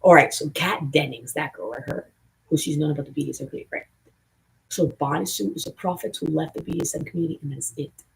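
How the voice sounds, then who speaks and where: Raspy Southern livestreamer, gravelly and animated. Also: mid-range voice, fast talker, low-quality recording. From Southern United States. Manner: profane, excitable, jumps between topics. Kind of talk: rambling live stream chat.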